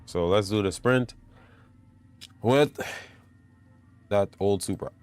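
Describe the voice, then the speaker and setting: A man giving chatty, self-mocking commentary while playing a racing game, getting excited when he pulls ahead. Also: fairly low pitch, normal speed, clear, resonant tone, soft background music. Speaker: gamer commentating his play. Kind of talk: casual gameplay commentary. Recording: game engine noise behind voice. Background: racing game car sounds.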